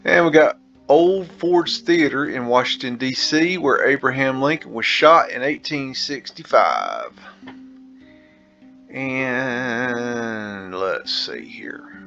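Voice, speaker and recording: Slow-talking man musing over photos. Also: mid-range voice, very animated, creaky, pushed and bright. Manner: rambling, musing, slangy asides. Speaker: host. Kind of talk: casual photo-tour commentary. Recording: dull lo-fi sound with faint guitar music.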